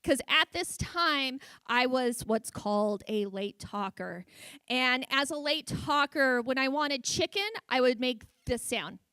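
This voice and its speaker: In her forties, this woman speaks to a luncheon audience in an event hall, giving a humorous talk marked by a stutter and repeated sounds. Her high voice is bright, forceful, clear, and resonant, moving at a measured pace with no room sound.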